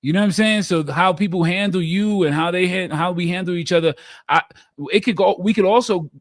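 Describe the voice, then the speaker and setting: A man with a slightly high voice in a casual podcast chat. He works through his points thoughtfully, restarting and posing questions to the group. The sound is close and dry. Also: brisk, dry recording.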